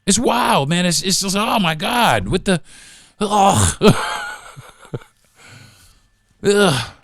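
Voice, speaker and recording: A man's voice: high-pitched, sing-song, drawn-out words, fairly bright tone, dry recording, clean studio sound. A man hosting a solo podcast, talking in an emphatic, repetitive, profane rant. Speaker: podcast host.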